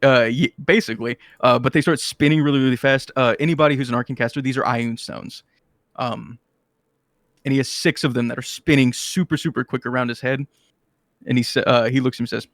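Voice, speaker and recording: A man's voice: mid-range voice, steady tone, a little fast, fairly bright tone, no echo, clean studio sound. A man narrating as game master of a tabletop game, rambling with many fillers and restarts.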